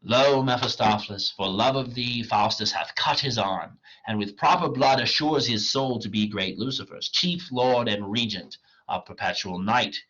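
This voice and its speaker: A proud scholar bargaining away his soul, declaimed with emphasis by a man reading the play aloud. The voice is husky and bright, strained to the point of cracking. The recording sounds dull and lo-fi. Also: mid-range voice, moderate pace, few pauses, lightly acted. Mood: declaiming.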